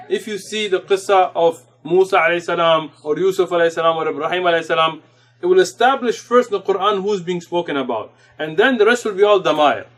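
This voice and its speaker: A man teaching an Arabic grammar class in a mosque classroom, patiently explaining terms in English mixed with Arabic words and quickly reciting Arabic passages. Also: sits high. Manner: recites Arabic text rapidly. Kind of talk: classroom lecture.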